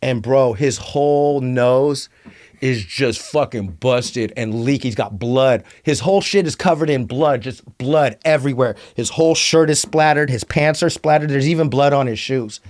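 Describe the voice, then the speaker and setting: A man telling stories as a podcast guest, animated and profane, calling the host "bro" a lot. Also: medium pitch, moderate pace. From Antioch, California. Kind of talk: casual storytelling.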